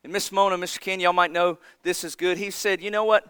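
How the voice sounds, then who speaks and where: A man preaching a sermon, earnest and emphatic, often dropping his voice low for effect. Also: level tone, brisk, sharp tone, clean tone, dry recording. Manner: earnest, emphatic preaching with dramatic drops in volume.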